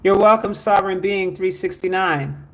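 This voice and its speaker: On a spiritual livestream, a male teacher with a high-sitting voice talks at a moderate pace. He reads viewer comments aloud and keeps urging people to like, share and donate.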